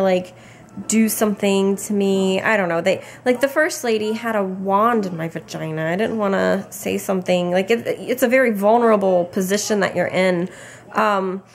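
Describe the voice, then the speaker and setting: A tired young woman giving a casual pregnancy update to her camera, chatty and rambling with many fillers and restarts. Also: mid-range voice. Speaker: vlogger.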